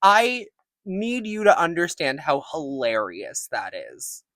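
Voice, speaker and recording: Animated young woman recapping a movie. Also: sits low, slow pace, no echo. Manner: animated, laughing, profane. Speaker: movie reviewer.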